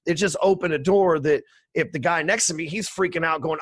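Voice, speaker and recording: A man's voice: fairly high pitch, fast, a bit bright, no room sound. A man in his forties, a podcast guest telling stories in a brash, profane, streetwise way. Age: 40s. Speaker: podcast guest, sales trainer. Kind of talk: casual storytelling interview.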